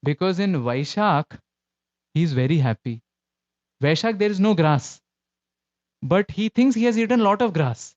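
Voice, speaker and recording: A man's voice: high-pitched, animated, a little slow, long pauses, a little mellow, no room sound, muffled recording. A man with an Indian English accent giving a storytelling sermon, acting out quoted voices as he goes. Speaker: lecturer in a devotional class.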